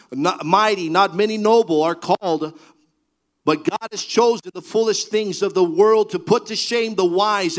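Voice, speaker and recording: A man preaching a sermon, building to fervent, half-sung cries, then dropping to a low, earnest delivery. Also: poor audio. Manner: preaching with rising, shouted fervor. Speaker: pastor.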